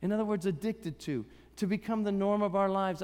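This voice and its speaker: Man, middle-aged pastor, high-pitched voice, chatty humorous sermon delivery, live church recording with long reverb. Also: a little fast, darkish tone, clear, resonant tone. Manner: conversational preaching with humor and rising emphasis. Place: church service hall.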